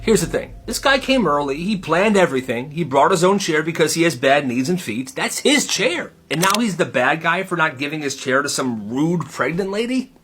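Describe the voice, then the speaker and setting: Animated man telling comedy stories. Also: on the high side, moderate pace, slight background noise. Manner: animated storyteller, acts out characters. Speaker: comedy creator. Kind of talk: storytelling comedy skits.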